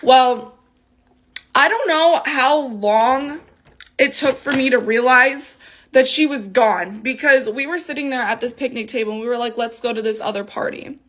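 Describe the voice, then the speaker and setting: A young woman telling a storytime tale in a casual, animated way, swearing freely and acting out the voices of people she quotes. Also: high-pitched, normal speed. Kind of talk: storytime vlog.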